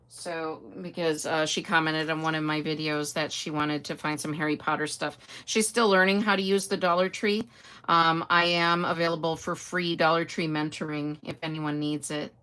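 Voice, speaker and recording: A woman's voice: deep voice, steady tone, moderate pace, a bit bright, clear, resonant tone. An older woman hosting a casual live stream, chatting away, greeting viewers by name and answering their comments. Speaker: host.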